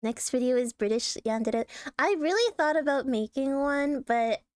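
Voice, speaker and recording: A streamer reacting to online posts chats casually in a fairly high, expressive voice at a moderate pace with a darkish tone. She swears freely, clears her throat often, and bursts into laughter. The recording is dry and close, with no room echo.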